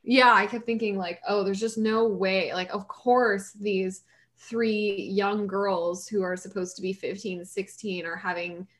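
A woman co-hosting a podcast, chatting casually about films in an animated, ranting way. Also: medium pitch. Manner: animated, ranting, quick asides and laughs. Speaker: podcast co-host. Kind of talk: casual movie chat.

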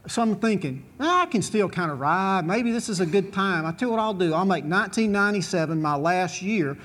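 A man's voice: sits high, animated, brisk, a bit bright. Folksy man spinning a yarn. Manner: drawling, chuckling, repetitive restarts. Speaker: former bull rider speaking to an audience. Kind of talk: folksy storytelling talk.

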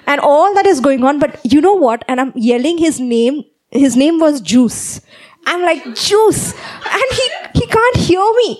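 High-voiced woman preaching a lively sermon. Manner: animated storytelling, often asks "okay?". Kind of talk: sermon with personal story.

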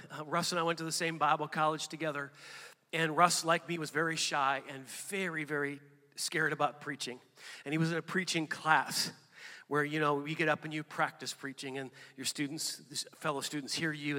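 A man delivers a sermon with animated preaching that keeps surging into emphatic peaks. His voice sits a little high for a man and sounds bright and forceful. A long reverb trails every phrase, as if he is speaking in a large church. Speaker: pastor.

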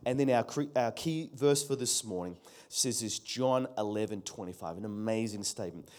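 A man's voice: lowish voice, normal speed, darkish tone. A pastor preaching a sermon earnestly, asking his congregation rhetorical questions and calling for their response.

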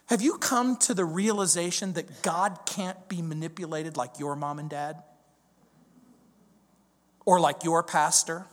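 A male pastor preaching a verse-by-verse sermon, swinging from loud declarations to hushed questions. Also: sits high, unhurried, in a large hall.

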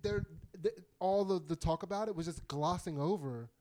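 A man's voice: high voice, moderate pace, mellow. A man in casual chat as a podcast co-host, rambling with many fillers and laughing often.

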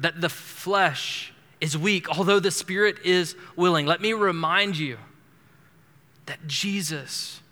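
A man's voice: mid-range voice, sharp tone, in a large hall. A man preaching an expository sermon as pastor, earnest and emphatic, often repeating words as he builds a point. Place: church sanctuary.

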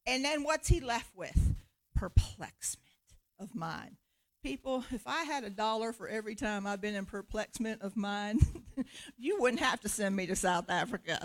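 A woman preacher giving a sermon in an animated, conversational way, laughing often. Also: a little high.

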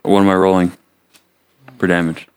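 A man with a very low, smooth and resonant voice plays a tabletop game. He checks the rules as he goes and asks plenty of questions before he acts. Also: level tone, moderate pace. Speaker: player.

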